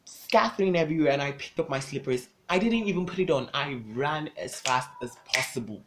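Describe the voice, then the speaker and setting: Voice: mid-range voice, lively intonation, brisk, hardly any pauses, a bit bright. A young adult vlogger telling a personal storytime to camera, with dramatic, emphatic delivery, loose casual phrasing and lots of repetition.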